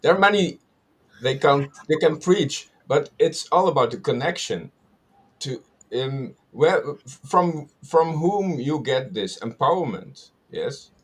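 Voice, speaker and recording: A man with a Dutch accent, a native Dutch speaker, halting and searching for words in a casual spiritual talk. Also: on the high side, expressive, slightly rough. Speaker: guest devotee.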